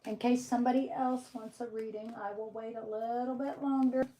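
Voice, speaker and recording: Chatty woman livestreaming, slightly high voice. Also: flat delivery, fairly quick, warm tone, slight background noise. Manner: chatty, keeps addressing viewers as guys and checking okay. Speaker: tarot reader livestreaming. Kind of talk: casual livestream chat to viewers.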